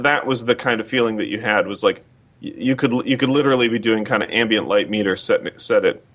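A man's voice: fairly low pitch, a bit bright. A man being interviewed on a podcast, telling long anecdotes with frequent restarts and fillers. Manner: rambling anecdotal storytelling with many restarts. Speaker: guest.

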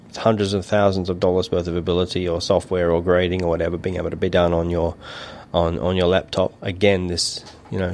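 A man with a notably low voice talks through a casual podcast chat. He rambles and restarts his sentences as he goes, the way a middle-aged co-host does when thinking aloud. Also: a little mellow. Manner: rambling, many restarts and fillers.

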